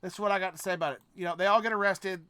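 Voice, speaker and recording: A man with a high, sharp, bright voice rants through a reaction video, swearing freely. He drifts between low grumbles and sudden loud outbursts, often stopping mid-sentence to start over. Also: steady tone, racing, clear, resonant tone, no echo. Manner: profane, ranting, swings between mutters and shouts; trailing off, restarting sentences. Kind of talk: casual reaction commentary.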